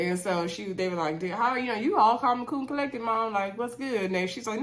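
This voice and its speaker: A woman casually recapping a reality TV show, chatty and animated, with many fillers. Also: mid-range voice, a little fast, few pauses. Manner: chatty, animated retelling with lots of "um" and "y'all".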